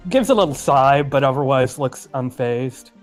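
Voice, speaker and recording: A laid-back man describing his character's moves in a tabletop game. His voice is smooth and clear, with faint music underneath. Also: medium pitch, lively intonation, normal speed. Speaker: player.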